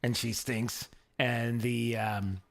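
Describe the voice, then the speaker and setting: A talk radio host gives opinionated commentary in a mocking tone, often halting with fillers. His voice is medium-pitched and level.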